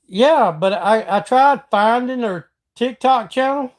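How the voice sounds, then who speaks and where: A man's voice: very high voice, slow, few pauses. A middle-aged man from Georgia with a Southern accent, hosting a casual live stream and chatting with viewers in a folksy way. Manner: folksy, chatty, reads out and answers viewer comments. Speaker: livestream host.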